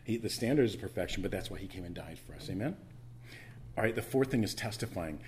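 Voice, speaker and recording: A man preaching a sermon to his church, animated, swinging between loud bursts and hushed asides, with frequent stammering restarts. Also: on the low side, fast, slight background noise. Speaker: pastor.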